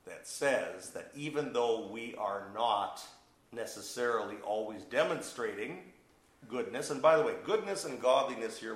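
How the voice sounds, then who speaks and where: A pastor preaches a sermon verse by verse, adding emphatic, playful asides and putting questions to the congregation. His voice is on the low side, with a roomy sound and poor audio.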